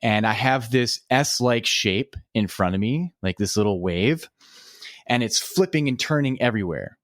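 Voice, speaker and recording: A man, a podcast guest, telling a story in a relaxed, casual way, with lots of filler words and swearing. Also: mid-range voice, measured pace, no room sound, studio quality.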